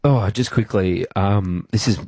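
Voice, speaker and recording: A man's voice: on the low side, darkish tone, a little hiss or hum. Australian man, emotional radio host. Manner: halting, tearful, full of restarts. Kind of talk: emotional on-air tribute. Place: radio studio. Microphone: studio microphone.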